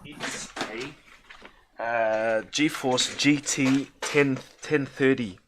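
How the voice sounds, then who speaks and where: A man's voice: medium pitch, fairly even intonation, extremely slow, background noise. A man chatting casually while testing his streaming setup, rambling with many restarts. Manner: rambling, stammering, self-correcting. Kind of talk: casual chat.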